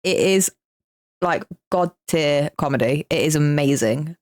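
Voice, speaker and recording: A woman's voice: low voice, a little slow. A woman with an English Midlands accent co-hosting a casual podcast, telling chatty, self-mocking stories. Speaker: podcast co-host.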